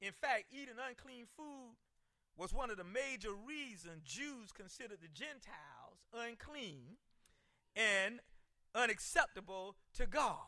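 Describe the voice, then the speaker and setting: A male pastor preaching a sermon, driving points home with shouted emphasis and stumbling repeats. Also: high voice, lively intonation, unhurried, no echo.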